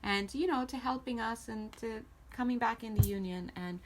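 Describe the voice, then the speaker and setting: A woman giving a casual tarot reading to camera, chatty and playful and warmly encouraging toward her viewers. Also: a little high, normal speed, a little hiss or hum. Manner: chatty and playful, giggles often. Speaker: tarot reader.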